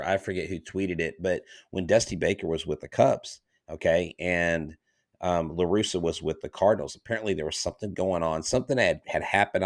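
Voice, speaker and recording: A man co-hosting a baseball podcast, talking in an emphatic, animated way. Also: low voice, no echo, clean studio sound. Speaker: podcast co-host. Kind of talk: casual sports chat.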